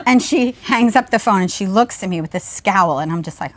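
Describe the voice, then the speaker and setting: Animated woman co-host telling a story. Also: mid-range voice, brisk. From Long Island, New York. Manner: animated storyteller who acts out quoted voices. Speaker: podcast co-host; Reiki teacher. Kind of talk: casual storytelling. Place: outdoors at a beach before a small audience.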